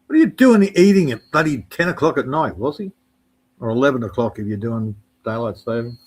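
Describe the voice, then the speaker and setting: A man chats casually on a live stream. His voice sits at an ordinary middle pitch. He talks bluntly and swears freely. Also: animated, a little fast, darkish tone, rough recording.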